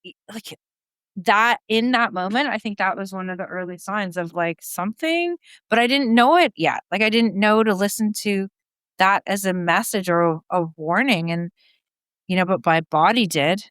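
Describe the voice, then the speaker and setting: Woman guest from canada, middle-aged, animated storyteller, mid-pitched, dry close mic. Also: moderate pace, clear, resonant tone, no room sound. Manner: animated, acts out quotes of herself. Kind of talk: candid personal storytelling.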